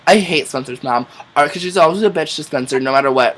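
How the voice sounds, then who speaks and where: Chatty, excitable young man vlogging. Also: on the high side, fast talker, few pauses. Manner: excitable, chatty, swears casually, filler-heavy. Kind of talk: casual TV recap vlog.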